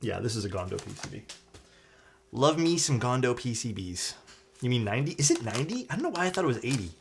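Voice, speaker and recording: Lively chatty man streaming a keyboard build. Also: mid-range voice, fast talker, vocal fry, slight background noise. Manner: chatty, answers chat questions, trails off and restarts. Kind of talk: casual livestream chat while building.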